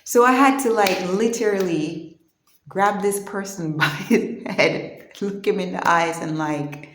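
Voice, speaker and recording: A woman telling a personal story in an earnest, conversational way, pausing and restarting as she goes. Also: fairly low pitch, reverberant. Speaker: vlogger.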